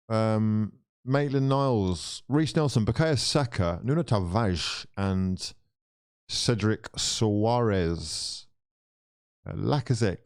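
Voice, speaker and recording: A fairly low-pitched man runs a live football watchalong, talking directly to his audience. He swears without restraint, his mood flipping between frustrated and excited.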